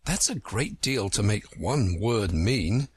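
A man reading a storybook aloud, voicing a polite, curious young girl with a raised, girlish pitch. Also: big pitch swings, unhurried, creaky, slightly rough, heavily acted.

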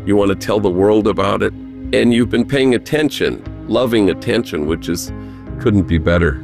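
A man who is a Jesuit priest, talking earnestly with gentle humor as an interview guest and telling stories. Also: on the low side, moderate pace, creaky, over music. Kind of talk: conversational storytelling interview.

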